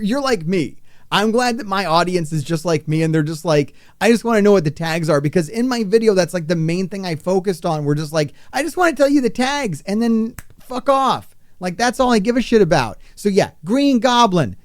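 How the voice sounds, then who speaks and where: A man with a slightly high, smooth, resonant voice hosts a live game stream, gushing and swearing as he rambles to his chat. The sound is dry and close, with no room echo. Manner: excitable, profane, rambling. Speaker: gaming streamer.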